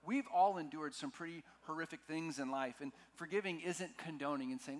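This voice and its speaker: A male pastor preaching a sermon, slowing down and swinging between loud and soft to stress his points. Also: fairly high pitch. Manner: dramatic shifts in loudness, slows for emphasis; asks the congregation to repeat lines.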